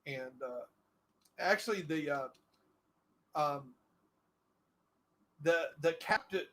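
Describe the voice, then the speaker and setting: A man's voice: on the high side, slow pace, bright, forceful tone, poor audio. A middle-aged man chatting casually while playing a game, telling a long story with many fillers and restarts. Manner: rambling, full of fillers and restarts. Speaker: gaming streamer.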